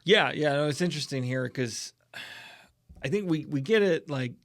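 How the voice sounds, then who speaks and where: A man's voice: a little high, expressive, moderate pace, fairly bright tone, no echo, clean studio sound. A man co-hosting a casual Bible study podcast, reflecting thoughtfully on the reading and often agreeing with his partner.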